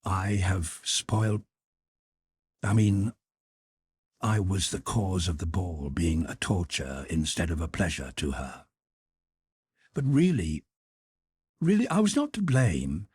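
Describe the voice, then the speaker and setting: A man's voice: deep voice, slow pace, long pauses, breathy edge, no echo, studio quality, exaggerated voice. A man putting on an impulsive, tearful young noblewoman. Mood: pleading. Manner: lifted, pleading, excitable delivery. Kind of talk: audiobook character voice.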